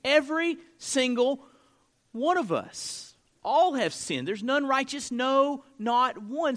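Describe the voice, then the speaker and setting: High, bright-voiced male pastor preaching. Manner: emphatic, conversational preaching with frequent "right?" tags. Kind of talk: sermon. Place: church room with a live congregation.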